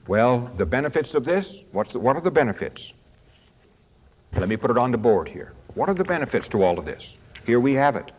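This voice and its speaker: A man preaching a sermon in an auditorium, working through a study booklet, stretching key words slowly and rushing through asides. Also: mid-range voice, highs cut off. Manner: emphatic, swings between slow stressed phrases and quick asides. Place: large auditorium.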